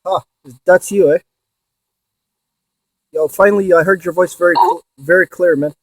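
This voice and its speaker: A man in a ghost box session vlog, excitedly calling out to spirits and swearing when he insists to viewers. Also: sits high, normal speed, dry recording. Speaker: paranormal investigator.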